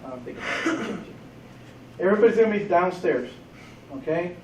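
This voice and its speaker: Joking police trainer in an echoey room. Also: male voice, high voice, brisk, distant mic, slight background noise. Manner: casual, joking, animated briefing. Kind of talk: briefing a training scenario.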